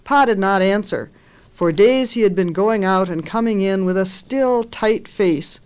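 A woman author reading a story aloud in a measured, expressive way, lifting her voice for the characters' lines. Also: medium pitch, clear, resonant tone.

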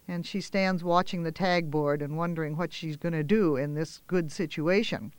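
A man telling a children's story aloud in a gentle, expressive way, with small pauses and fillers. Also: fairly high pitch, clear, resonant tone, dry recording.

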